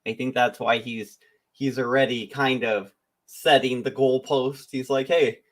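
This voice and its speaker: A man's voice: medium pitch, fairly even intonation, a little slow. A man hosting a stream, reacting to a clip with rambling, joking, casual commentary. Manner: rambling, joking, self-interrupting.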